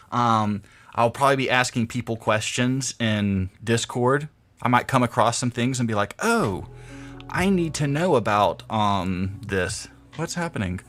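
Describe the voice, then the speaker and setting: A man's voice: medium pitch, fairly bright tone. A young adult man chatting casually on a game stream, rambling through stories and laughing often. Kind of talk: casual gameplay stream chat.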